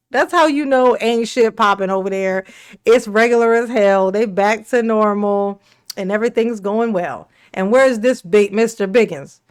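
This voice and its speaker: A woman with a fairly high voice gives casual reaction commentary. She mocks and needles her subjects with sarcasm, breaking into laughter often and cursing freely. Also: clean tone. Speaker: commentary host.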